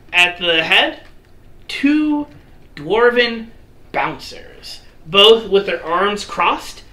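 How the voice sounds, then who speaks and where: A man's voice: high-pitched, slow pace, sharp tone. A man narrating a tabletop game as game master, loose and rambling with many fillers. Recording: echoey room with faint noise.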